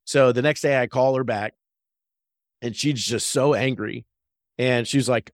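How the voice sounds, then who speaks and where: A man's voice: medium pitch, fairly even intonation, a little slow, long pauses, dry recording, studio quality. A man in his thirties, a real estate agent co-hosting a faith-based business podcast, telling a story earnestly and often tagging his sentences with "right?".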